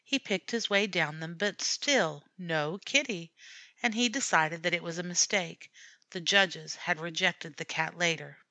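A woman reading a classic story aloud as an audiobook narrator, in a measured, steady way. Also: on the low side, no room sound.

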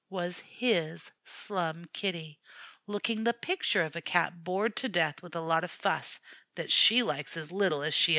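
A woman reading a classic story aloud as an audiobook narrator, in a measured, steady way. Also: lowish voice, dry recording.

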